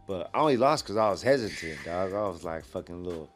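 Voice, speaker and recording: A man's voice: deep voice, animated, fast, faint music behind. A young man, a guest fighter talking laid-back in heavy street slang. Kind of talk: casual interview chat.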